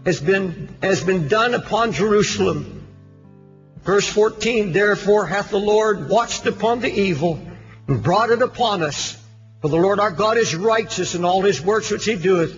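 A high-pitched man preaching with fervor, hammering rhetorical questions and dropping to near-hushed tones between outbursts. The sound is dull and lo-fi, like an old archive sermon tape, with faint music beneath. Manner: impassioned, rhetorical questions, swings from loud to hushed.

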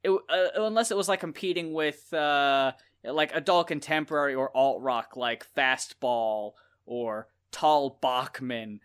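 A man's voice: mid-range voice, measured pace, few pauses, a bit bright, clean tone. A man co-hosting a podcast, reviewing an album in casual, rambling chat, often laughing and swearing. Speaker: podcast co-host.

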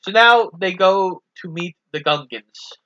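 A man's voice: sits high, a little slow, pushed and bright, highs cut off. A man co-hosting a casual movie recap, easygoing as he walks through the plot. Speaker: podcast co-host.

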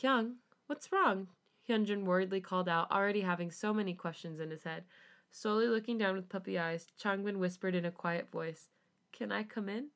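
A woman co-hosting a podcast, reading fanfiction aloud with an expressive delivery. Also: medium pitch. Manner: expressive reading, quick to laugh. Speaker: podcast co-host.

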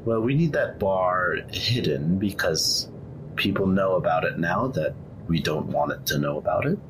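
A man's voice: low voice, animated, moderate pace, noisy background. A man playing a tabletop role-playing game, talking in a dry, blunt way. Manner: dry, blunt, laughs often. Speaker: player.

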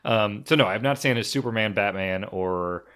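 A man co-hosting a podcast in casual chat, rambling and animated with lots of fillers and restarts. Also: lowish voice, moderate pace, smooth. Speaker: podcast co-host.

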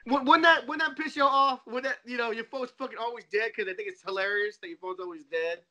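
Dad on a podcast, high bright voice, laughs a lot, acts out the stories. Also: male voice, fast talker. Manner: animated, laughing storyteller. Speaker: co-host. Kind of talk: casual podcast chat.

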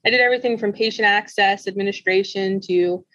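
A woman's voice: medium pitch, steady tone, fairly quick, a bit bright, no echo, lo-fi sound. A woman guest on a podcast explaining her career in health informatics, earnest and friendly, with small restarts. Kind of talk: conversational interview answers.

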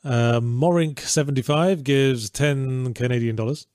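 A man's voice: mid-range voice, a little slow, a little mellow, dry recording. Dry, sarcastic man. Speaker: stream co-host reading donations. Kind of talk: casual stream chat.

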